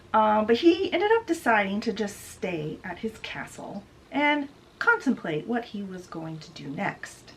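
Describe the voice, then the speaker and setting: A woman's voice: medium pitch, slight background noise, poor audio. A woman hosting a book video, chatty and digressive as she retells a story in a casual summary.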